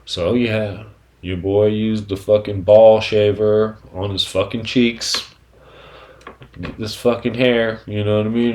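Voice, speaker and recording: A man's voice: fairly low pitch, flat delivery, slow pace, darkish tone, slight background noise. A man hosting a casual solo podcast, talking in a profane, rambling way with constant "you know what I'm saying" fillers. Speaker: podcast host.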